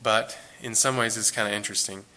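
Earnest low-voiced man teaching the Bible. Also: steady tone, a little fast, pushed and bright. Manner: earnest, conversational, repeats phrases for emphasis.

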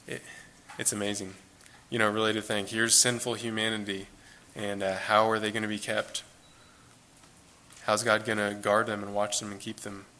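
Earnest low-voiced man teaching the Bible. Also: little pitch movement, moderate pace, sharp tone, a little hiss or hum. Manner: earnest, conversational, repeats phrases for emphasis.

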